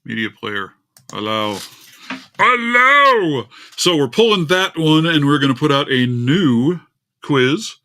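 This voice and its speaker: A man's voice: medium pitch, lively intonation, a little slow, a bit bright. A man hosting a casual live stream, chatting and grumbling aloud while his screen share fails. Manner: chatty, grumbling at tech trouble, talks to his cat. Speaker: livestream host.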